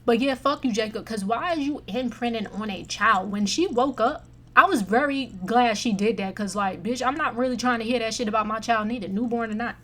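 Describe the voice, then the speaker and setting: A woman reviewing movies in a casual chat, blunt, profane and animated as she rants. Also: a little high, a little fast.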